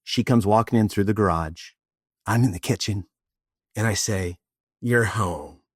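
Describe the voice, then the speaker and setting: This middle-aged Austin, Texas man, a presentation coach, has a lowish voice and a moderate pace as he tells a story in an interview. He animatedly plays out snippets of dialogue, recorded in studio quality with no echo.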